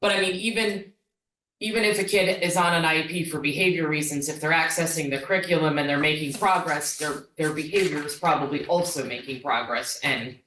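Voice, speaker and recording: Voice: medium pitch, fairly quick, sharp tone. A board member asks follow-up questions, hesitating and restarting as they go. The voice is distant and echoey, with faint background noise. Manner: questioning, hesitant, repeating words. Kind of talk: board meeting discussion.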